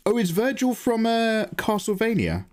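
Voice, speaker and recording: A man hosting a live drawing stream, chatting casually and reacting to viewer messages, laughing often. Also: moderate pace. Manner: chatty, animated, laughs often, jumps to high pitch when excited. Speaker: art livestream host. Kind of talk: casual chat while drawing, reading chat.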